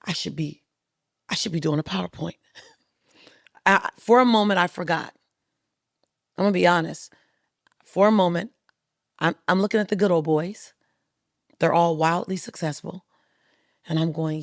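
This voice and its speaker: A middle-aged woman with a gravelly edge to her voice tells a story as a podcast guest. She is animated and acts out the people she quotes, with a dry, close sound. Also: on the low side, a little slow, pauses often, no room sound. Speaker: guest speaker.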